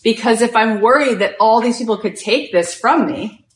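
A woman's voice: on the high side, moderate pace. A woman hosting a podcast, giving an inspirational talk and telling a story with lots of "like" in her speech. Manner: animated storytelling, heavy use of "like". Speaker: podcast host and retreat leader. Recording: echoey room.

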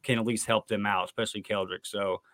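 A man's voice: lowish voice, fairly even intonation, quick pace, a bit bright. A man co-hosting a sports recap podcast, talking casually and getting fired up into emphatic rants. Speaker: podcast co-host.

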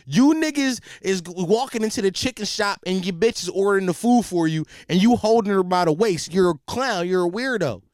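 A young man doing a comedic rant, animated and profane, full of slang and repeated restarts. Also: high-pitched, a little fast, hardly any pauses, no echo, clean studio sound.

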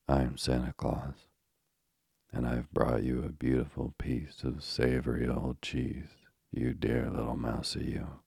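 A man voicing a cunning cat in disguise who speaks in a coaxing, falsely gentle way. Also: a bass voice, flat delivery, a little slow, creaky, husky, no room sound, studio quality, exaggerated voice.

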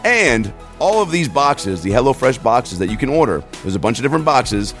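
A man's voice: medium pitch, big pitch swings, a little fast, fairly bright tone, faint music behind. A man reading a podcast ad in a hyped, jokey salesman patter. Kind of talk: ad read.

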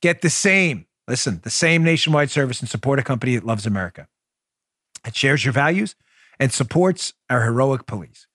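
A man's voice: mid-range voice, lively intonation, fairly quick, fairly bright tone, no room sound, clean studio sound. A man from New York hosting a political podcast, delivering a combative, sarcastic opinion monologue. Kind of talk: opinionated talk show monologue.

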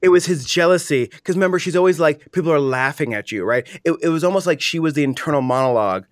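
A man's voice: on the high side, animated, fast talker, dry recording, clean studio sound. A man co-hosting a casual group podcast chat, thoughtful and wry. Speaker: podcast co-host.

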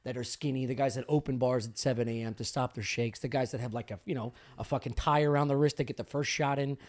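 A man telling a long animated story in casual podcast chat, swearing freely. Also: medium pitch, fast. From Italian-American. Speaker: podcast host.

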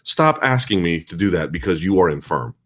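A low-voiced man hosts a live chat show, speaking fairly quickly as he casually answers viewer questions. His manner is animated, ranting, and sarcastic.

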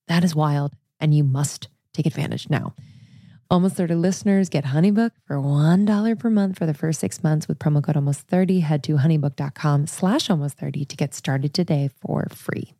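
A woman's voice: low-pitched, fairly quick, warm tone, no room sound, clean studio sound. A woman podcast host reading an ad in an upbeat, emphatic way. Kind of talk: host-read ad.

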